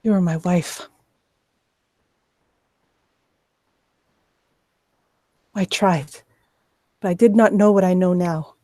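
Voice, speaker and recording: A desperate masked father with a thin, pitched-up, pleading voice, as a man puts it on. It sounds dark and mellow, close and dry. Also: fairly even intonation, moderate pace, no room sound, close to an everyday voice.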